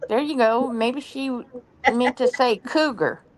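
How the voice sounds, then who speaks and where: A woman's voice: a little high, unhurried, poor audio. A woman co-hosting a casual crafting chat, explaining things in a matter-of-fact way. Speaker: co-host.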